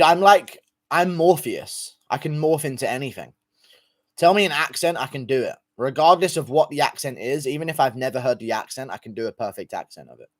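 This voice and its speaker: A young man streaming late at night, chatting casually with his chat in a profane, rambling way. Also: mid-range voice. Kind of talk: casual livestream chat reading.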